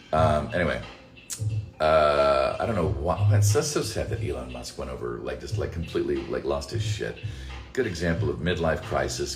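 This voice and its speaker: A man hosting a casual livestream Q&A, reading fan messages aloud and rambling with plenty of swearing. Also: deep voice. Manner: rambling, profane, reads chat messages aloud. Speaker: voice actor answering fan questions. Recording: roomy echo, faint music.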